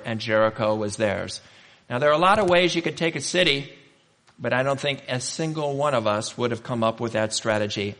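A man's voice: medium pitch, a bit bright, big-room sound. A male pastor preaching a sermon, telling stories in a conversational way and asking the congregation rhetorical questions.

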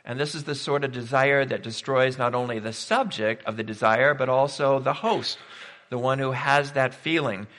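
A man preaches a sermon in an easy, conversational manner, thinking aloud with rhetorical questions and the odd "uh". His voice is bright and clear at a middle pitch. It carries with a long reverb through a large hall. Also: moderate pace.

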